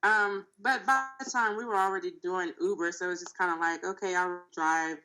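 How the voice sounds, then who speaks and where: A woman rideshare driver calmly explaining the signup process in a casual roundtable. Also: medium pitch, faint music behind, rough recording. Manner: measured, explanatory.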